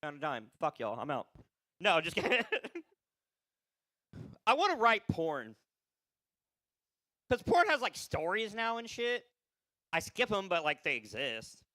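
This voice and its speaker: A weary male open mic comedian rattles through a profane, rambling set. His voice sits high, swings widely and sounds bright and sharp. He laughs at his own jokes, and the sound is dry and close. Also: big pitch swings, normal speed, dry recording. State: tired.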